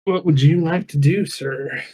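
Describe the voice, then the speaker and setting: A man running an online tabletop game as game master, describing the scene slowly and haltingly. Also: on the high side, dark tone. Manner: slow and halting. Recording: dull lo-fi call audio.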